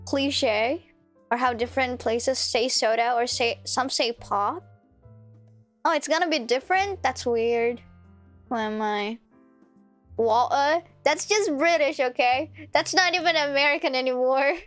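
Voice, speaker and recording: Playful high-voiced woman streamer. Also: measured pace, a bit bright, faint music behind. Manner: playful, giggly, stumbles over words. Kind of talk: casual game-stream chat.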